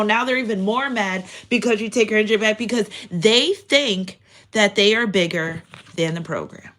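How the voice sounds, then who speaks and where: A woman's voice: mid-range voice, moderate pace. A woman giving a casual spiritual tarot reading to her viewers, emphatic and swearing freely, with a Black vernacular lilt. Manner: emphatic, swears freely, lively swings in loudness. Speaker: tarot reader.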